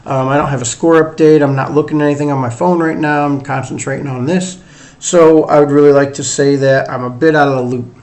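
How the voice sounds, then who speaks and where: Hosting his sports show alone, a middle-aged man talks a little fast in a steady, medium-pitched, darkish voice. He rambles and chats casually, poking fun at himself, in a drawl that mixes Northern and Southern US accents.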